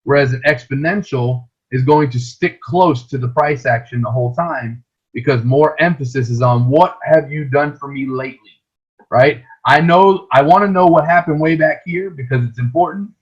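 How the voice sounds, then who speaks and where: A man's voice: medium pitch, normal speed, husky, dull audio. A man teaching a trading lesson over a shared screen, explaining patiently and often checking in with "right?".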